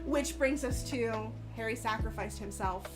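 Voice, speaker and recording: High-voiced woman telling stories through laughs. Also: measured pace, music in the background. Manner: laughing storyteller, animated retelling. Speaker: guest. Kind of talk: casual chat.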